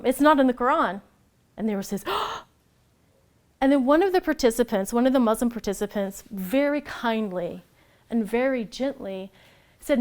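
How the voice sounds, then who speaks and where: A woman giving a personal storytelling talk, animated and laughing easily as she acts out the voices she quotes. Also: fairly high pitch. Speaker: speaker at a storytelling event.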